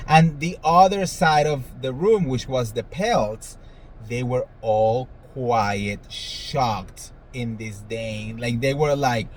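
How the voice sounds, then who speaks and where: A man's voice: medium pitch, slow, slight background noise, rough recording. A man hosting a celebrity gossip show, talking casually in a sassy, dramatic way and swearing freely. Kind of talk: casual commentary monologue.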